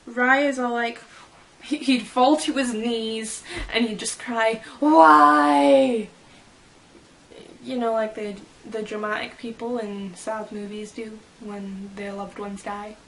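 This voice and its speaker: A woman's voice: mid-range voice, level tone, measured pace, fairly bright tone, a little hiss or hum. A woman chatting casually as a fan vlogger, reading fan fiction quotes aloud and giggling about how people would react. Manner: giggly and playful.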